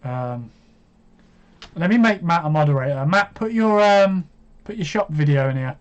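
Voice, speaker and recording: Man, 25, stream host; casual, self-mocking chatter, slightly high pitch, muffled lo-fi sound. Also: animated, normal speed. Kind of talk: casual live stream chat. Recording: dull lo-fi stream audio.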